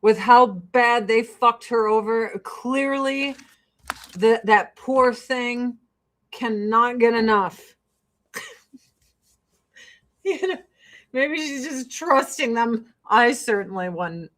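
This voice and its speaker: A middle-aged woman talks through her get-ready-with-me routine at home. She tells blunt, profane stories and laughs often. Her voice sits somewhat high. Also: slow, pauses often, fairly bright tone. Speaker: vlogger. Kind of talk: casual get-ready-with-me chat.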